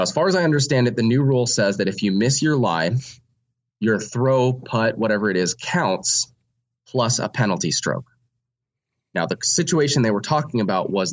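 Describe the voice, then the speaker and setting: Sick-sounding man sending in a question. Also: lowish voice. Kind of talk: recorded listener question.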